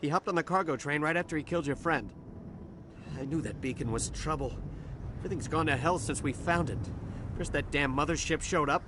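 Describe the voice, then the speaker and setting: An actor playing a shaken, nervous dock worker in a video game, stammering and defensive, with game audio and steady background noise. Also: male voice, a little high.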